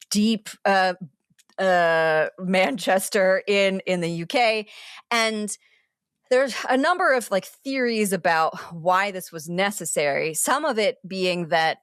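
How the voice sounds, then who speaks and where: A woman, a TV critic and podcast co-host, explaining a show in animated casual chat, full of asides and restarts. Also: on the low side, clean tone, dry recording, clean studio sound.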